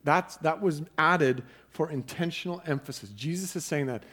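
A man's voice: on the high side, lively intonation, moderate pace, hardly any pauses, fairly bright tone. A man preaching a sermon in a conversational way, often repeating words as he starts a sentence. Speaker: pastor.

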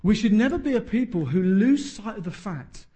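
A man's voice: high-pitched, lively intonation, normal speed, dark tone. A man, preaching a sermon emphatically with joking asides. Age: 30s.

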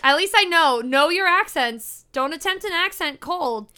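A woman in her thirties co-hosting a casual chat, animated and blunt, swearing freely. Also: very high-pitched, moderate pace. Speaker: podcast co-host.

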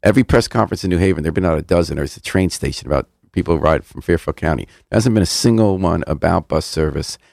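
Older radio host guy, deep gravelly voice, rattles off pointed questions fast, dry studio. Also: darkish tone, no room sound. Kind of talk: radio interview.

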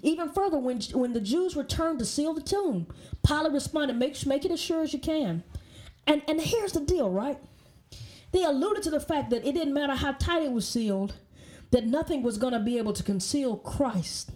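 A woman's voice: high-pitched, expressive, normal speed, a little mellow. A woman teaching a Bible study in an emphatic way, often checking in with "okay?" and restarting her sentences.

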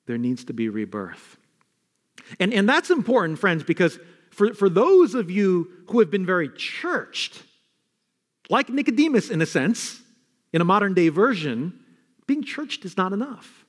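A male pastor delivers an animated sermon in a notably high voice that leaps up and drops low. He doubles words as he drives toward his points. His voice carries a long reverb from a large church hall. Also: unhurried. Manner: animated preaching, swinging between loud high emphasis and low quiet asides; repeats words when building to a point.

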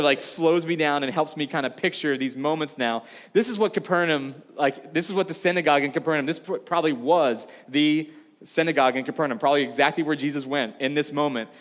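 A man's voice: fairly high pitch, quick pace, fairly bright tone, in a large hall. A man preaching a sermon to a congregation in a casual, conversational way, full of asides. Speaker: pastor. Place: church room before a congregation.

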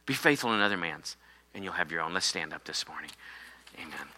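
Forceful, bright-voiced male preacher. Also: low voice, animated, fast, slight background noise. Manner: emphatic, repetitive preaching with call-and-response. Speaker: pastor. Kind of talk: sermon.

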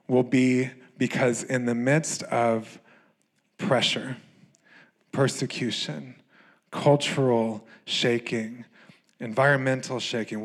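A young adult American man preaching from the pulpit. His voice sits at an ordinary male pitch, and he tells stories loosely, full of fillers and quick laughs. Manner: animated storytelling with laughter and fillers. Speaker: pastor. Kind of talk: sermon.

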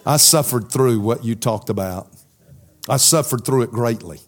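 In a mid-range voice at moderate pace, a middle-aged man gives a sermon and afterward fields questions from the congregation. His delivery is emphatic, easing to a soft intensity at crucial points.

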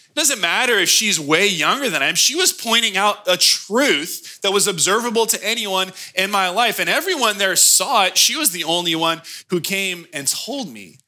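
A man in his thirties, a pastor preaching a sermon with animated storytelling. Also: high voice. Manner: animated storytelling with acted-out quotes.

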